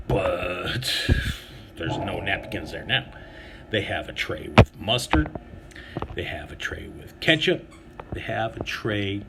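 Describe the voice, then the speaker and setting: A man's voice: mid-range voice, bright, forceful tone. Man, profane vlog rant, sarcastic, crude storytelling, constant swearing, noisy background. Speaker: vlogger.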